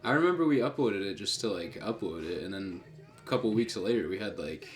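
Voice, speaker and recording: A man's voice: fairly low pitch, lively intonation, a little fast. A man in his thirties co-hosting a casual video commentary, laid-back and slangy. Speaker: co-host and video creator.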